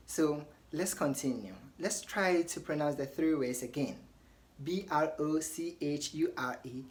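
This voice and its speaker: A woman's voice: sits low, darkish tone. A woman teaching English pronunciation, spelling words out letter by letter and checking in with "okay?" between examples. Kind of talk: scripted lesson.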